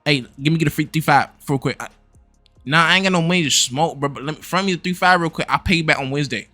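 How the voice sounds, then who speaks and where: A man putting on the voice of a slangy young man begging to borrow weed, loud and wheedling. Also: fairly high pitch, fast, no echo, faint music behind, pitched above the performer's own voice.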